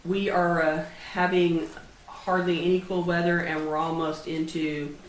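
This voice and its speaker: A woman's voice: fairly low pitch, flat delivery, a little slow, slight background noise. A woman with a cold giving a casual talk to a meetup group as a professional organizer, chatty and often checking in with the audience. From Texas. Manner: chatty, keeps asking "right?" of the audience. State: has a cold. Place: meeting room with an audience. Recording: echoey room, mic at a distance.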